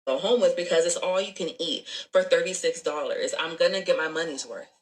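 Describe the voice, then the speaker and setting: A woman telling a story about a bad date, animated and swearing, acting out both sides of the dialogue. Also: fairly low pitch, a little fast, rough recording. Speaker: storyteller in a clip. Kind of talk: story time, casual telling.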